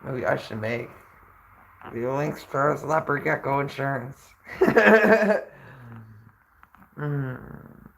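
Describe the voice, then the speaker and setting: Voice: medium pitch, steady tone, slow pace, creaky, a bit bright, a little hiss or hum, low-quality recording. A livestreamer chatting casually to viewers, rambling and hesitant with many fillers. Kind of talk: casual chat.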